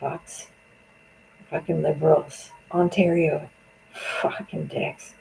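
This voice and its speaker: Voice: mid-range voice, steady tone, measured pace, vocal fry, warm tone, a little hiss or hum, poor audio. A speaker, angrily venting in a profane political monologue on a stream. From Canada.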